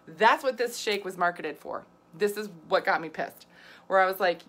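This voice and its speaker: Bright, animated woman ranting. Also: mid-range voice, fairly quick. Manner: animated, exasperated ranting with laughs and asides. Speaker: nutrition coach and author. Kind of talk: casual talk to camera.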